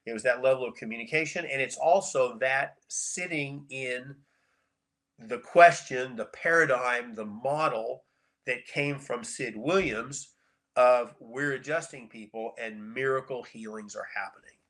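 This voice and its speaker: A middle-aged man, a chiropractor guest on a podcast, telling stories in a casual, animated way and repeating words for emphasis. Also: mid-range voice, unhurried. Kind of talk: casual storytelling interview.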